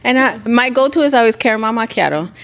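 Blunt, expressive woman podcast co-host. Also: fairly high pitch, fast talker. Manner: blunt, emphatic complaining. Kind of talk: casual chat.

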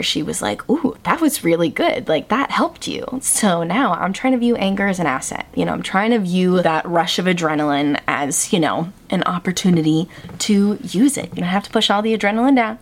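A young woman hosting a solo podcast, talking candidly and reflectively in a casual, chatty way. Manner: candid, reflective, chatty with fillers and lively pitch swings. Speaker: podcast host.

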